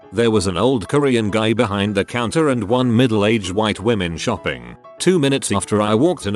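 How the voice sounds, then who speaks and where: A man narrating online stories aloud, lively, dropping his voice low when quoting people.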